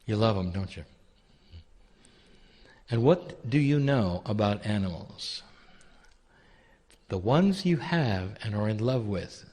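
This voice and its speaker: Man channeling, lively pitch, hall echo. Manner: addresses listeners as "dear one", full of rhetorical questions. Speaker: spiritual channeler. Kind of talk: channeled spiritual teaching to an audience.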